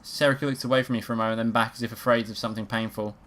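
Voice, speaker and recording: A woman's voice: extremely low pitch, steady tone, racing. A woman streaming a game, reading the story aloud and adding wry, swearing asides. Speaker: let's play streamer. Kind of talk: reading a visual novel aloud with commentary.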